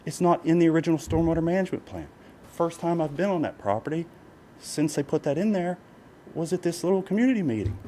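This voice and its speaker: A man's voice: on the high side, lively intonation, fast, dark tone. A man pleads his case as a property owner during public comment at a county meeting. He talks in an emotional, repetitive way, circling back with "you know" again and again. A faint hum sits behind him in the meeting room.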